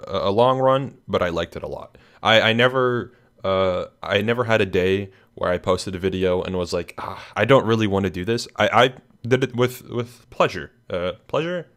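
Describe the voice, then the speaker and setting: A man's voice: low-pitched, a bit bright, clear, resonant tone. A young man hosting a casual recap of his channel, tired and yawning, rambling with lots of fillers and restarts. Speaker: channel host. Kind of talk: casual screen-share recap.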